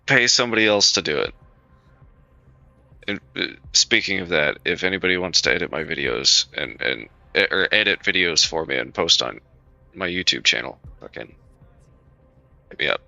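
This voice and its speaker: A man's voice: deep voice, lively intonation, moderate pace, vocal fry, long pauses, pushed and bright, dry recording. A man streaming live, talking casually to his chat in a blunt, profane way, repeating himself as he reassures viewers. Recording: dull lo-fi stream audio, faint music.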